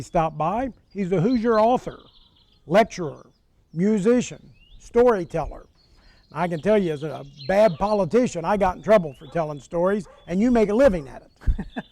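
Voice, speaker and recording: A man's voice: sits high, darkish tone, no room sound. A man in his sixties from Indiana, hosting a show and telling folksy stories from his childhood, chuckling often. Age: 60s. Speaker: host. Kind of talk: storytelling in casual conversation.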